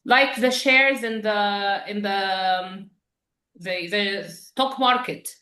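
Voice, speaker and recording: A woman teaching an English vocabulary class, patient and quick with praise as she explains words. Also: medium pitch, pushed and bright, roomy sound.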